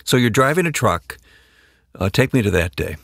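A man hosting an interview, gently probing and prompting his guest to tell more. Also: medium pitch, big pitch swings, normal speed, creaky, no echo, clean studio sound. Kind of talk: interview questioning.

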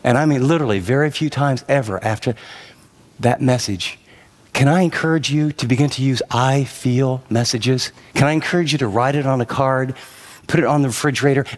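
A man's voice: mid-range voice, normal speed. A man preaching a sermon as a pastor, shifting between personal storytelling and urgent direct address, driving points home with repeated emphatic phrases.

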